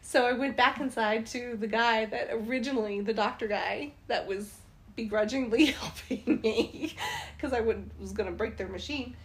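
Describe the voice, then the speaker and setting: A woman casually telling a travel story, animated and laughing as she goes. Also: on the high side, normal speed. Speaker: travel vlogger.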